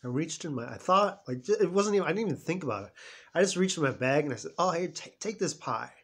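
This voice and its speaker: A man in his fifties tells a personal story, his husky voice rising and falling a lot. He rambles emotionally, slipping into quoted voices of himself and others. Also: a little high, lively intonation, fast talker, fairly bright tone. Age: 50s. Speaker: vlogger.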